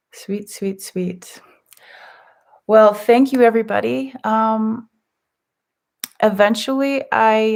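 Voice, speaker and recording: Slow, gentle woman hosting a live session. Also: medium pitch. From California. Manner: gentle, affectionate, reads out viewer comments with soft laughs. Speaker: host of a live spiritual group session. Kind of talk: casual live-stream chat.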